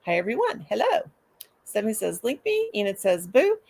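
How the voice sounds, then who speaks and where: A woman's voice: on the high side, wildly swooping pitch, moderate pace, a little mellow. An older woman hosting a casual live stream, chatting, greeting viewers by name, and humming and singing to herself between remarks.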